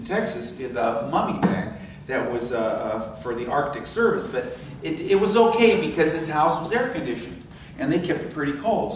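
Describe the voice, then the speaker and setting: An older minister in his 60s delivers a storytelling sermon in a slightly high voice, dropping into soft, meditative tones. The mic is far off in a very echoey hall, with slight background noise.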